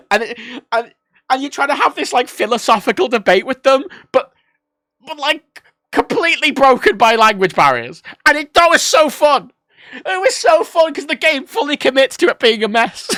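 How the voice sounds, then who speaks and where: A man riffs loosely on a livestream, doubling back to fix himself and dropping swears as he goes. His voice swings widely in pitch and has a bright, pushed edge. The sound is dry and close, with no room around it. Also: no echo. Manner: rambling, self-correcting, swears freely. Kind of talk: casual livestream chat about games.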